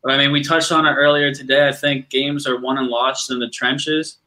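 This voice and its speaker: A man's voice: medium pitch, level tone, normal speed, sharp tone, poor audio. A man earnestly sharing his hopes for the season in a casual sports talk show. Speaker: podcast panelist.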